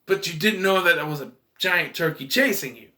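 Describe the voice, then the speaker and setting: A man's voice: on the high side, fairly quick, sharp tone. A man casually reviewing a movie in a vlog, retelling scenes in a rambling, emotional way.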